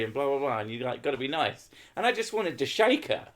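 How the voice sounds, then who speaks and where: A man's voice: mid-range voice, expressive, fast talker, hardly any pauses. A man hosting a casual podcast chat, swearing a lot and ranting with sarcasm. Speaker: podcast host.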